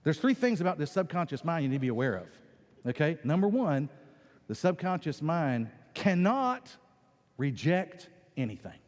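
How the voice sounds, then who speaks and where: A man preaching a lively sermon, his voice higher than most men's and swinging widely in pitch. He acts out quoted voices as he goes. The sound carries a long reverb from the church hall around him. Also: normal speed. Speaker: pastor. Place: church sanctuary.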